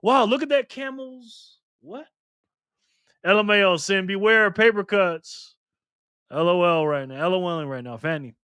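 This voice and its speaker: A playful, upbeat man runs a casual live stream, calling out viewers by name and reading their comments aloud. His voice sits a bit high for a man, and it sounds close and dry with almost no room echo. He peppers his talk with slang and spelled-out internet abbreviations. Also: normal speed, long pauses, clean tone. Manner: lively, playful, laughs often, calls out viewer names.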